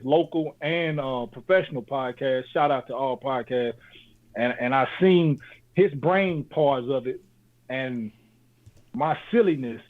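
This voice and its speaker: A man co-hosting a podcast, giving casual motivational talk in loose slang and saying "man" often. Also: fairly high pitch. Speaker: podcast co-host. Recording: tinny phone-like sound.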